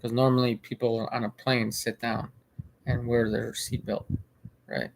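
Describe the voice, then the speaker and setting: Flat and measured with vocal fry, this man's mid-range voice comes with a slight hiss or hum. As a vlogger, he rambles through an account of a video he watched, full of filler, restarts, and repetition.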